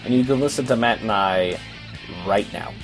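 A man's voice: on the low side, moderate pace, soft background music. A man from Massachusetts hosting a casual sports podcast, joking and bantering with his co-host.

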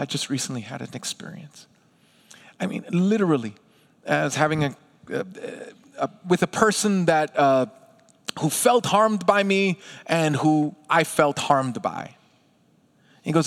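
A man with a fairly high voice preaches to a congregation, lively and conversational, slipping into quick acted-out voices of people. The sound carries a long reverb of a large hall. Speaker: pastor. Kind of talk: sermon.

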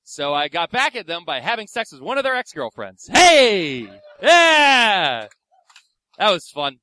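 Animated young stand-up comic, high and lively. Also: male voice, a little fast, no room sound. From Philadelphia. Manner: animated, acts out voices, profane. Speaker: stand-up comedian. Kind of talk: stand-up storytelling.

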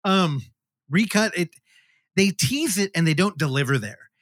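A man co-hosting a podcast, chatting casually about horror films, animated and swearing freely. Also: high voice, unhurried, no room sound, studio quality. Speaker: podcast co-host.

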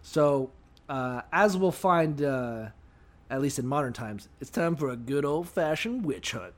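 Animated, profane man cracking jokes. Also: fairly high pitch, a little slow. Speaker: podcast co-host. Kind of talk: irreverent comedy chat reading scripture.

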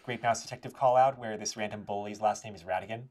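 Lowish voice guy on a podcast, thoughtful, says like a lot. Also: steady tone, fast talker, darkish tone. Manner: thoughtful, with filler "like". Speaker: podcast co-host. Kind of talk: casual chat.

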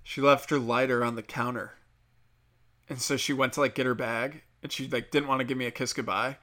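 A man's voice: mid-range voice, fairly even intonation, a little fast, pushed and bright. A man hosting a solo podcast, talking in a crude, profane, rambling monologue. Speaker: podcast host.

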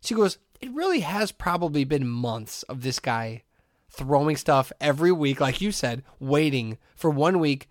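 A man's voice: fairly high pitch, a little slow, no room sound, clean studio sound. A man co-hosting a podcast, telling a long story in casual chat, acting out the voices of the people in it and laughing often. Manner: animated storyteller, acts out quotes, laughs often. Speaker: podcast co-host.

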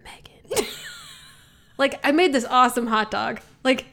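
A woman's voice: sits high, brisk, vocal fry, pushed and bright, a little hiss or hum. Giggly chatty woman podcast host. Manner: chatty, giggly, self-mocking. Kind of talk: casual chat.

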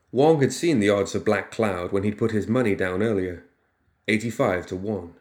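A man narrating a fiction audiobook in steady storytelling. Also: lowish voice, normal speed.

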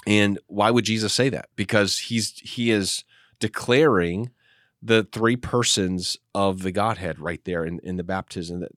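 A man, a pastor, explaining Bible passages in an animated teaching discussion, often restarting his sentences. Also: lowish voice, unhurried, no echo, studio quality.

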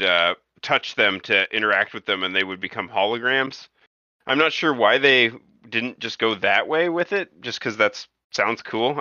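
A man's voice: on the low side, bright, forceful tone, no room sound. A man in a casual film discussion podcast. He is opinionated and often stumbles and repeats words. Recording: dull lo-fi sound.

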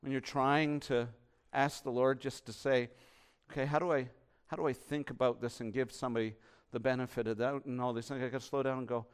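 Male pastor, impassioned sermon delivery, hushed to booming, resonant tone. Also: flat delivery, brisk, few pauses, smooth. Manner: impassioned, swinging from hushed to loud.

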